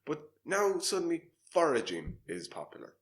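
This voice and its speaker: A man's voice: on the high side, huge pitch swings, normal speed. A man from Ireland with an Irish accent, co-hosting a podcast in casual chat, telling stories animatedly and acting out quotes with laughter. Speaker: podcast co-host.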